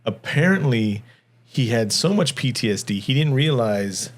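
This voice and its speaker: A man's voice: mid-range voice, expressive, normal speed. A man co-hosting a movie review podcast in casual chat, rambling with stumbling restarts and frequent laughs. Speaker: podcast co-host.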